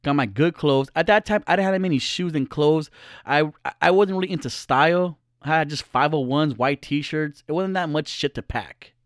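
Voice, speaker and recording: A man's voice: fairly high pitch, moderate pace, dry recording, studio quality. A middle-aged man telling a personal story casually, blunt and profane, acting out the voices.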